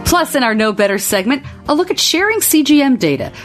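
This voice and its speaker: A woman's voice: sits high, fairly quick, loud music behind the voice. A middle-aged woman hosting a podcast, reading an intro and then chatting in an upbeat, conversational way. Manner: upbeat, conversational, lively emphasis. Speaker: podcast host.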